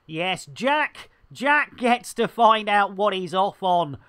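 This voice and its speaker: A man's voice: sits high, animated, slow pace, pushed and bright, clean tone, no echo. A man streaming a game, full of playful innuendo banter and with a slight frog in his throat. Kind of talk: livestream commentary.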